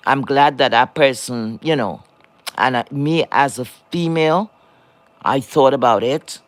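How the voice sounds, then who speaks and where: A woman's voice: extremely low pitch, measured pace. A woman moderating a livestream chat, lecturing and scolding viewers in a blunt, profane rant.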